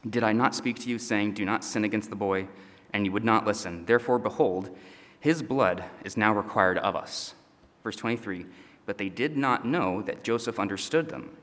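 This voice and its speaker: A man's voice: on the low side, fairly bright tone. A pastor preaching and reading scripture in a conversational way, often checking in with his listeners. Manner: conversational, asides with "okay?" and "all right?". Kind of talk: sermon teaching. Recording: long hall reverb.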